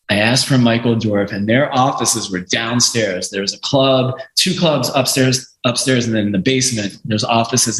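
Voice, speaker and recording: A man guesting on a podcast who tells stories casually and swears freely. His voice sits in an ordinary middle range. The recording is roomy, with clear echo. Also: medium pitch. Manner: animated, swears freely, acts out quotes. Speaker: podcast guest, music lawyer. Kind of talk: casual storytelling. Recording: echoey room.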